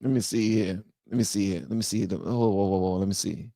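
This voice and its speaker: Animated ranting live stream host. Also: male voice, fairly low pitch, brisk, gravelly, no echo, studio quality. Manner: animated, loud swings between shouting and muttering. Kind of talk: ranting commentary and reading chat on a live stream.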